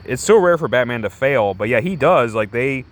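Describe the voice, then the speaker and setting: A man's voice: mid-range voice, animated, normal speed. A man casually reviewing a comic book, rambling and enthusiastic with many restarts.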